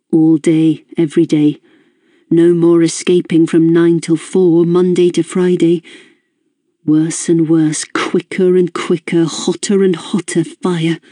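A woman narrating a first-person audiobook in a measured, introspective way. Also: lowish voice, mellow, husky, no echo, clean studio sound.

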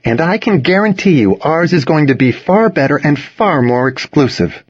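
A man's voice: fairly high pitch, lively intonation, moderate pace, breathy edge, lo-fi sound, voice pushed up. A man voicing a sarcastic, teasing teenage boy in a storybook reading. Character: snarky, protective teenage boy.

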